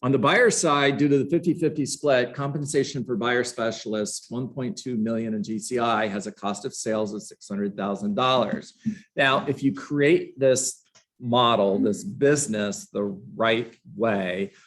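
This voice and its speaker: A man's voice: medium pitch, steady tone, measured pace, fairly bright tone. A man teaching a live book-study lesson to a room of agents, passionate and emphatic, with sarcastic asides. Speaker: real estate trainer.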